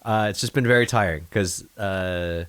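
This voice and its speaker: Podcast host, man, lowish voice, animated storyteller, casual and profane. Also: moderate pace, smooth. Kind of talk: casual chat.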